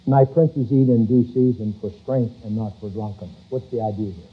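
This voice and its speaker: Emphatic preacher on a tinny recording. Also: male voice, lowish voice, breathy edge. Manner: emphatic preaching, rises loud on key words, reads scripture slowly. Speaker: pastor. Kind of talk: sermon. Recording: tinny phone-like church recording.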